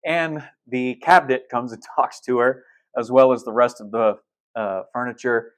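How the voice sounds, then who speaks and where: A man's voice: medium pitch, fairly even intonation, moderate pace. A male pastor preaching a sermon in a casual, storytelling way, retelling film scenes with blunt asides and restarts.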